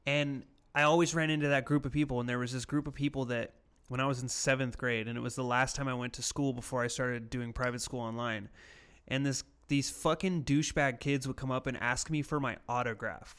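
A man's voice: mid-range voice, fairly even intonation, brisk, a bit bright, smooth. Laughing, swearing young man telling stories. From United States. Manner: profane, laughing storyteller. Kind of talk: casual chat.

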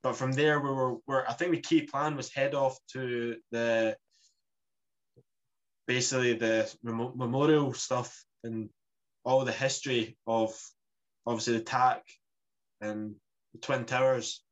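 A man's voice: medium pitch, steady tone, measured pace, long pauses, muffled recording. A man chatting casually about a trip, rambling with many restarts. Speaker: podcast co-host. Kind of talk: casual travel chat.

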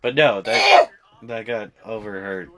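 A young man in his twenties telling a story in casual chat, animated and profane. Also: on the low side, a little slow, a crowd in the background.

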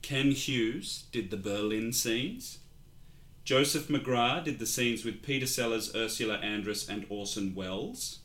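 Podcast guy riffing on an old movie, bright voice, laughs a lot. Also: mid-range voice, a little slow. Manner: jokey, rambling, laughs often. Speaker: podcast co-host. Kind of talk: casual film review chat.

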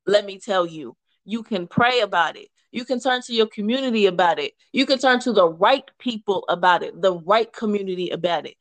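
A woman's voice: medium pitch, expressive, fairly quick, hardly any pauses, no room sound. A woman guest on a podcast, speaking in an earnest, encouraging conversational way. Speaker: podcast guest, author and advocate. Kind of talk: conversational interview.

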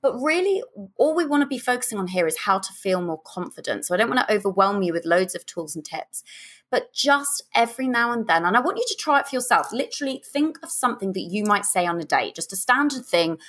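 A young woman hosting a podcast, giving chatty, animated dating advice and sometimes dropping into a lower, slower voice to demonstrate. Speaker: podcast host and dating coach.

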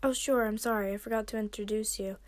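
A woman's voice: medium pitch, fairly even intonation, quick pace, no echo, natural voice. A woman voicing a friendly, welcoming young female dragon. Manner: warm, apologetic.

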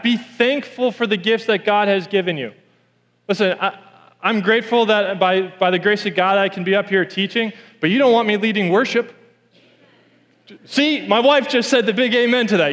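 A man's voice: high-pitched, normal speed, a bit bright, big-room sound. A man preaching a sermon in a church, telling a story and repeating key lines for emphasis.

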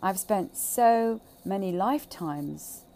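Emphatic woman with a gravelly voice. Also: medium pitch, expressive, slow. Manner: emphatic, swearing, repeats phrases, swings between loud and hushed. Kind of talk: impassioned monologue on childhood trauma.

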